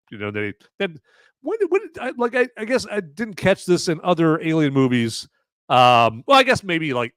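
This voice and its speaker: A man's voice: medium pitch, fairly bright tone, clean tone, dry recording. A man hosting a live podcast movie review, ranting profanely and repeating himself as he goes. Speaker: podcast host.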